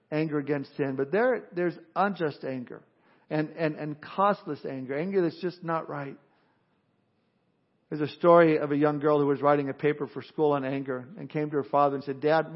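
Man preaching a sermon, dull lo-fi sound. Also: a little high. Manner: earnest preaching with jokes and retold stories. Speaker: pastor.

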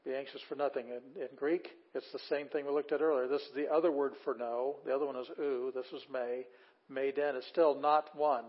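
A man's voice: medium pitch, steady tone, brisk. A man teaching a Greek class, reading Bible verses aloud and explaining them word by word in a casual, enthusiastic way. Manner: casual with fillers, enthusiastic asides. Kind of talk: classroom lecture. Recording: slightly dull lo-fi audio.

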